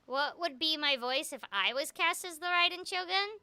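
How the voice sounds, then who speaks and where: A woman's voice: high voice, normal speed, bright, forceful tone. A young woman, a voice actor, giving casual, bubbly gameplay commentary, giggling often and filling her talk with "like". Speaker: voice actor streaming a game.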